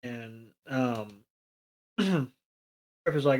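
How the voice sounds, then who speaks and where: A man's voice: medium pitch, animated, very slow, low-quality recording. Profane, sarcastic podcast co-host man. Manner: crude, profane, sarcastic retelling. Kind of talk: casual recap chat.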